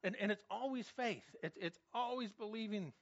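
A man delivers a sermon in an earnest, emphatic way, stumbling over repeated words as he presses his point with questions. His voice sits high for a man. The sound is dry and a little muffled. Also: normal speed, dry recording. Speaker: pastor.

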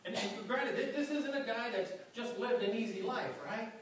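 A man's voice: very high-pitched, moderate pace. A man preaching a sermon earnestly, often repeating words and restarting as he goes. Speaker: pastor. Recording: very echoey room, voice from a distance, faint background noise.

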